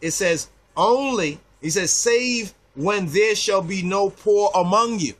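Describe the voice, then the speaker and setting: A man's voice: sits high, unhurried, fairly bright tone. A man teaching a sermon, reading scripture verses aloud and checking in with "right?" after nearly every phrase. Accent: Rastafari "I and I" speech. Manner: reads verses aloud, frequent "right?" tags. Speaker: Rastafari preacher.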